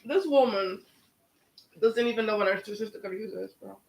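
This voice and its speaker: A woman's voice: mid-range voice, moderate pace, vocal fry, a little mellow, slightly rough. A woman giving casual reaction commentary, emphatic and indignant as she talks over a show she is watching.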